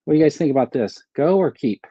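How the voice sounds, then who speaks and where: A man's voice: a little high, lively intonation, fast, mellow, slightly rough, no echo, lo-fi sound. A man hosting a casual live stream, rambling, thinking aloud and answering viewers' chat comments. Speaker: host of a live stream about his action figure collection.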